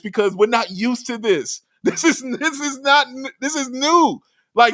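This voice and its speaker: A man co-hosting a sports podcast in casual chat, excitable and emphatic, often laughing. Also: very high voice, no room sound, studio quality. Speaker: podcast co-host.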